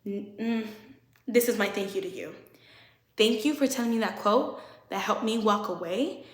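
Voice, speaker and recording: A young woman telling a candid, profane storytime about a past relationship, talking fast and getting emotional as a vlogger. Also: mid-range voice. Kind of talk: storytime vlog. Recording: echoey room.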